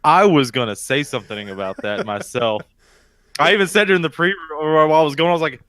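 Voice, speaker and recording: A man's voice: on the high side, fast talker, sharp tone, no echo, studio quality. A man in his thirties, co-hosting a podcast in casual, profane, joking banter. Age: 30s. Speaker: podcast co-host.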